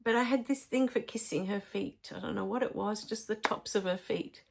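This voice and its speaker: Middle-aged woman, gentle spiritual teacher, soft and emotional delivery with frequent fillers. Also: medium pitch, moderate pace, creaky, a little hiss or hum. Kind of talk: personal spiritual storytelling.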